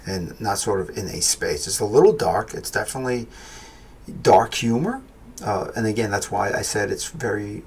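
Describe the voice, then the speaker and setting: A man's voice: lowish voice, slight background noise. A man giving a casual spoken film review, rambling and correcting himself as he thinks aloud.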